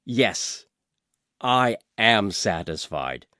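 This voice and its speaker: Man playing a proud old king, commanding, booming, deep-voiced storybook ruler. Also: very animated, extremely slow, bright, forceful tone, no echo, studio quality, full character voice. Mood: stern. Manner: roaring, commanding.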